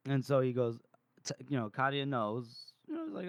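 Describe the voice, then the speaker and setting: A man's voice: mid-range voice, lively intonation, no echo, clean studio sound. A man co-hosting a podcast, retelling book scenes in casual talk, quoting characters and stumbling over restarts. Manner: quotes characters in quick voices, stammers and restarts. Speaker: podcast co-host.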